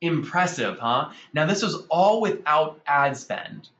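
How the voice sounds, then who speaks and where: An energetic man leads an online marketing webinar, pitching results to his audience. His voice is bright and forceful. The audio is dull and lo-fi, with an echoey room around him. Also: slow pace. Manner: energetic, salesy, addresses audience as guys. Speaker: webinar host.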